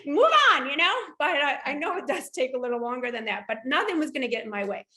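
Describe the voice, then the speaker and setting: A woman shares her story as an interview guest, acting out the voices of the people she describes. Her voice sits high and sounds bright and forward. The room gives it a clear echo. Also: quick pace, a little hiss or hum. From United States. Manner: animated, acts out the voices in her stories. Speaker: guest, shoe boutique owner. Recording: echoey room.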